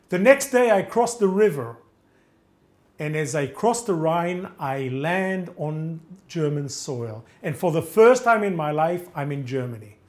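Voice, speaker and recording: Highly animated man telling a story. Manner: animated, acts out dialogue with shifting voices. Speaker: lecturer. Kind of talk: dramatic first-person storytelling lecture.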